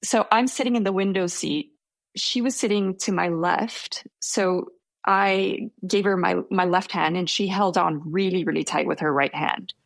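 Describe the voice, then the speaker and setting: A woman's voice: on the low side, unhurried, gravelly, dry recording. A young woman telling a personal story in a casual interview, hesitant and self-deprecating.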